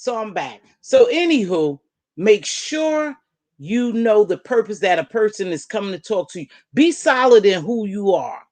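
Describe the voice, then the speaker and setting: A woman's voice: medium pitch, lively intonation, moderate pace, hardly any pauses, a little mellow, no room sound. A woman host talking casually to her viewers, emphatic and direct, repeating her points for stress. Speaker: video host answering viewer comments. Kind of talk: casual livestream talk.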